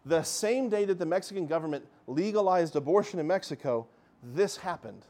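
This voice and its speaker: A man giving a lively Catholic faith talk, telling miracle stories with animation and calling his listeners "guys". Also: fairly high pitch, brisk. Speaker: Catholic speaker.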